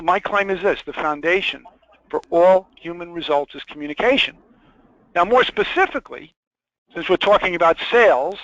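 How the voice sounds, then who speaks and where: A man with a high, ringing voice leads a sales training webinar. He leans hard on key points and repeats them for weight. He poses questions straight to his listeners. The audio is muffled and lo-fi and carries no room sound. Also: a bit bright, dry recording. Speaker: webinar presenter. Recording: dull lo-fi dry webinar audio.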